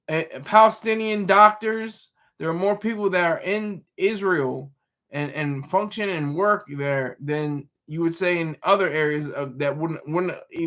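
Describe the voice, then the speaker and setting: A man hosting a live stream, answering chat in a casual, rambling way with halting restarts and self-corrections. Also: high voice, pushed and bright. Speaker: livestream host reading chat.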